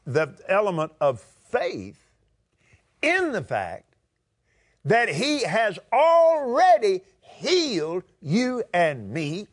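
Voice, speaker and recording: High, lively Texan preacher. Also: male voice. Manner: emphatic, drawn-out preaching with laughter and asides. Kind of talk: sermon.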